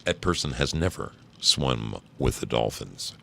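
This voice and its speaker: A man's voice: extremely low pitch, sing-song, measured pace, vocal fry, bright, forceful tone, slight background noise. A man hosting a show from home, reading embarrassing stories aloud with wry, amused asides. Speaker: podcast host.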